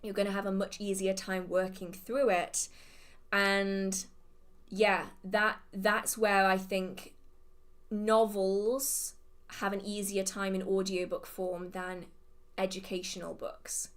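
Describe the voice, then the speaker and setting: English woman, rp accent, rambly live q&a host going off on tangents, middling pitch. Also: flat delivery, takes it slowly. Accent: English, modern received pronunciation. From England. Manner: rambling, thinks aloud and goes off on tangents. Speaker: witchcraft channel host. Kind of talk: live Q&A chat.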